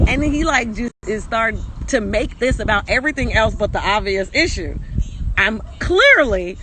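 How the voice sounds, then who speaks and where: A woman's voice: fairly high pitch, animated, normal speed. A woman telling a candid, slangy story in a casual vlog while walking up a hill, recorded on a phone outdoors. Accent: Caribbean American English. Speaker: vlogger. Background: street and vehicle noise.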